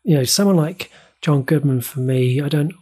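A man co-hosting a film podcast, speaking in a measured, reflective way with some hesitations. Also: a little high, dark tone, slightly rough. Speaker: podcast co-host. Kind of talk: casual film discussion.

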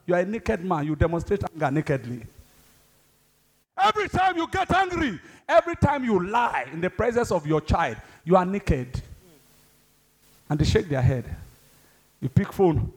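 A man preaching a sermon, exhorting the congregation, swinging between loud high bursts and low asides. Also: very animated, moderate pace. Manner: exhorting, calls the congregation to respond. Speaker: pastor.

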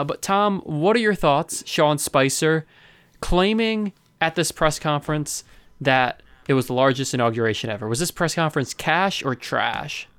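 A man co-hosting a podcast, bantering in a casual, teasing and animated way. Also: mid-range voice, clear, resonant tone, dry recording. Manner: animated, teasing, quick to joke. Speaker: podcast co-host.

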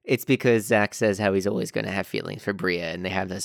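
A man's voice: low-pitched, sing-song, fairly quick, vocal fry, no room sound. A man co-hosting a casual recap podcast, giving wry, dry commentary. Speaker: podcast co-host.

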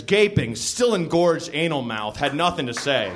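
A man's voice: mid-range voice, measured pace, hardly any pauses, fairly bright tone. A man comedian reading a raunchy story aloud to a live theater audience, stumbling and laughing now and then. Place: small theater stage.

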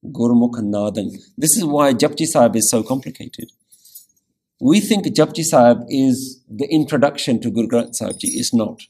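A man teaching a Sikh scripture lesson, explaining meanings and pronunciation with careful, deliberate explanation and frequent "yeah?" check-ins. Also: medium pitch, mellow, slightly rough. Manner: pronounces Punjabi scripture carefully.

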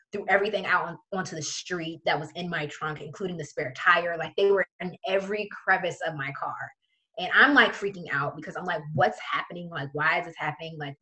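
Young woman telling a story, lowish voice. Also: rough recording. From Prince George's County, Maryland area. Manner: animated, many "like" fillers, acts out quoted voices. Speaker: guest. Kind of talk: casual conversational storytelling.

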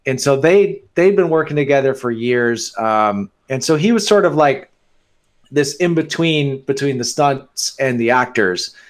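A filmmaker talking in a casual interview, hesitant, with many fillers and restarts. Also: male voice, medium pitch, lively intonation, measured pace.

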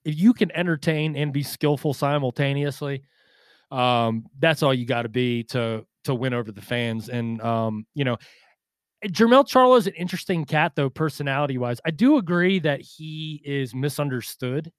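A man's voice: medium pitch, moderate pace, clear, resonant tone, dry recording, studio quality. A man co-hosting a boxing podcast in casual chat, rambling with lots of fillers and restarts and swearing freely.

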